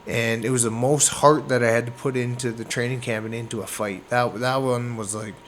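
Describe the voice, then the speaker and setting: A man from Canada, a boxer, telling a fight story in a casual interview, animated and acting out moments with sound words. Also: medium pitch, a little fast, slight background noise. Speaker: boxer guest.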